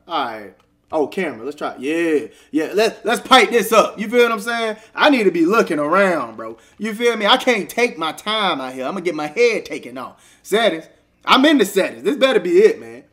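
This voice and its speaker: A young man giving excitable, casual commentary while playing a video game and talking back to the characters. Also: high voice. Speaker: gaming streamer. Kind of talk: casual let's-play commentary.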